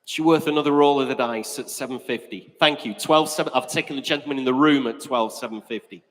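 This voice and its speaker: A man working as auctioneer, calling bids at a live car auction with brisk, jokey patter. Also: mid-range voice, a little hiss or hum. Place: auction hall. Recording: echoey auction hall.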